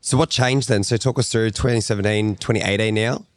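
A man's voice: on the low side, steady tone, fairly quick. A man hosting a podcast, asking questions in a blunt, easygoing way. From Australia. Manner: blunt and easygoing, swears casually. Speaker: podcast host. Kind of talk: casual interview chat.

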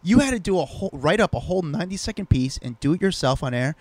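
A man co-hosting a podcast, telling stories in an animated, teasing way. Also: on the high side, quick pace, dry recording. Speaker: podcast co-host. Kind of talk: casual chat.

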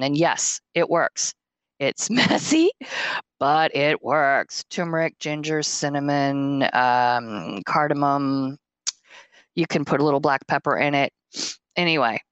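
A woman's voice: lowish voice, dry recording. A woman hosting a podcast, telling a personal story with feeling and frequent laughter. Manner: emotional, laughs often, animated storytelling. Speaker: podcast host.

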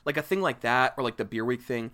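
A man's voice: mid-range voice, quick pace, pushed and bright. A man co-hosting a podcast in casual chat, rambling, laughing and swearing freely. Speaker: podcast co-host.

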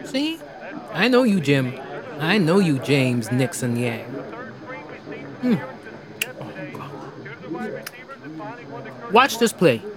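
An actor playing a heavyset, mock-friendly stranger who rambles and taunts in an audio drama. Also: male voice, a little high, sing-song, slow, crowd noise. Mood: menacing. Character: menacing, playful heavyset man.

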